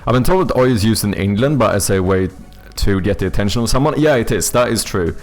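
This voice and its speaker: A man's voice: fairly low pitch, lively intonation, fast, soft background music. A man, chatting casually with viewers on a live stream while playing a word game, thinking aloud and swearing freely.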